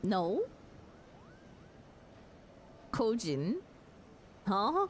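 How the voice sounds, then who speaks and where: A woman's voice: medium pitch, very animated, takes it slowly, a little hiss or hum. A woman streaming a game, laughing often and chatting casually with her viewers, with some mild swearing. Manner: giggly, casual, swears mildly, talks to chat. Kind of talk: live game stream commentary.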